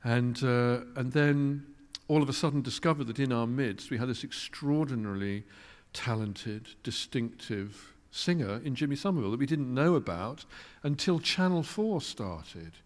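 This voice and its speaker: A guest musician tells stories in a reflective interview, wry, articulate and self-deprecating. His mid-range voice is animated and moves at a normal speed, and the recording carries the long reverb of a large hall.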